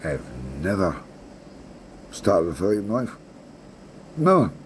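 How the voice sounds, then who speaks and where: Low-voiced and slow, with big swings in pitch, a Scottish vlogger in his sixties spins a meandering tale in relaxed conversation. Swear words come often, as does a habitual "right?" at the end of his sentences. A faint hiss or hum sits underneath.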